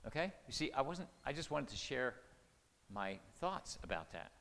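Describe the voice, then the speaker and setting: A man's voice: medium pitch, very animated, moderate pace, vocal fry, a bit bright. Older male seminar speaker, mid-range voice, earnest and folksy, long reverb of a hall. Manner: earnest, conversational, many restarts and "okay?" check-ins. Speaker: marriage-preparation speaker.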